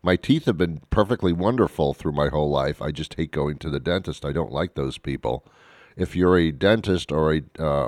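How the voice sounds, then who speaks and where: A man's voice: deep voice, darkish tone, dry recording, studio quality. A man hosting a radio talk show, rambling and joking at his own expense. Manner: rambling, self-mocking, jokey. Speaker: radio host. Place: radio studio.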